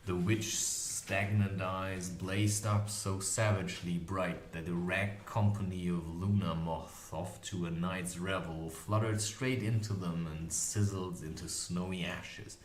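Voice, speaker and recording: A man narrating a fantasy novel aloud in an expressive, lively storytelling manner. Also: deep voice, slow pace, hardly any pauses, a little hiss or hum. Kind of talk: audiobook reading of a fantasy novel. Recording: echoey room recording with faint ambience.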